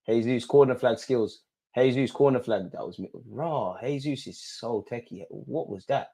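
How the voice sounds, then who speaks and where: Young bloke hosting a live fan watch-along, excitable, yells at the ref, then mutters low. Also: male voice, a little slow, gravelly. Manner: excitable, shouting at the referee, swinging between loud outbursts and low muttering. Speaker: fan channel host.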